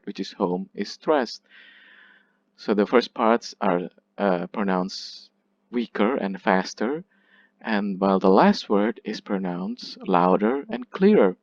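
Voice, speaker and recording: A man's voice: mid-range voice, no echo, highs cut off. A man teaching a literature class, explaining patiently, often checking in with his listeners and correcting himself as he goes. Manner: hesitant, with restarts and self-corrections. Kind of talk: recorded lecture.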